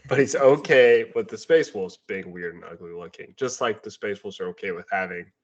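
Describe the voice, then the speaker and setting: A man with a voice on the low side co-hosts a casual book review podcast, speaking a little fast. He talks sarcastically and mimics characters as he retells scenes, and the recording has dull lo-fi audio.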